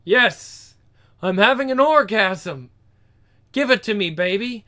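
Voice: medium pitch, lively intonation, takes it slowly, bright, forceful tone. A reader voicing a rowdy, foul-mouthed young woman, brash and exclaiming. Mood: ecstatic.

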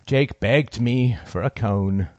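A man narrating a first-person story in a cold, deliberate, sardonic manner. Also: medium pitch, a little mellow, no echo, muffled recording.

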